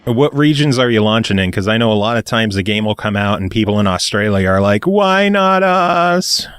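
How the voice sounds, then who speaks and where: A man's voice: on the low side, steady tone, fast talker, clear, resonant tone, no echo. A man hosting a podcast, wrapping up an interview in a teasing, upbeat way. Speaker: podcast host. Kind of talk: casual podcast chat.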